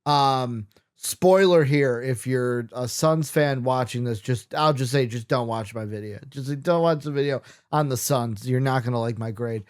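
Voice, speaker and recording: A man's voice: medium pitch, moderate pace, hardly any pauses, clear, resonant tone. A man hosting a casual sports chat, loose and joking, who drops the odd swear. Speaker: host.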